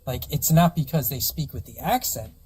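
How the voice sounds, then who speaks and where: A very raspy voice of middle pitch pushes back in a casual call, cutting in repeatedly to press the same point. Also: lively intonation, normal speed, darkish tone. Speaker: debate participant. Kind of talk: casual debate chat.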